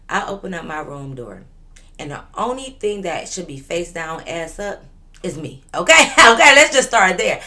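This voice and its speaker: A woman's voice: deep voice, fairly bright tone. A woman in her twenties telling a storytime vlog in an emphatic, profane, fired-up way. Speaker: vlogger.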